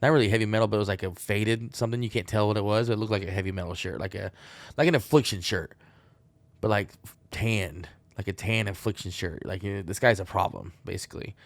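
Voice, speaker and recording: Gravelly, rambling, foul-mouthed guy. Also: fairly low pitch, fast talker, no echo. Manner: profane, rambling, wisecracking. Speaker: podcast host. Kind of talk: rambling solo podcast monologue.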